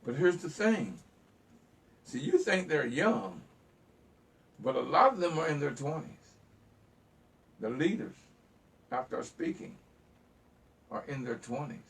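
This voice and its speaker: A man's voice: on the high side, big pitch swings, a little slow, vocal fry, long pauses, recorded from a distance. A man hosting a call-in talk show, preaching fiercely to listeners, repeating himself and stumbling over words as he gets worked up. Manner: fiery, preachy, repeats phrases and stutters when worked up. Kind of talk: impassioned call-in talk monologue.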